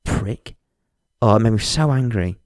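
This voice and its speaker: A man's voice: on the low side, expressive, moderate pace, darkish tone, no echo, clean studio sound. A young man hosting his own podcast, talking candidly in a frank, sweary, self-mocking way and mimicking people he meets. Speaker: podcast host. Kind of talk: candid solo podcast monologue.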